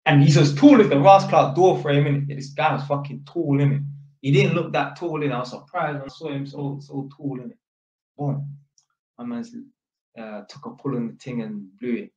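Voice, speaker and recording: A man telling a story in a casual, animated way, full of street slang and tag questions. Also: mid-range voice, normal speed. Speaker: vlogger. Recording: echoey room, dull lo-fi sound.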